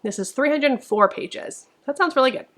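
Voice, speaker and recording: A woman's voice: high voice, fairly quick, fairly bright tone. A woman reviewing upcoming books in a casual video, reading blurbs aloud with dramatic flair and breaking in with chatty asides. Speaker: book reviewer.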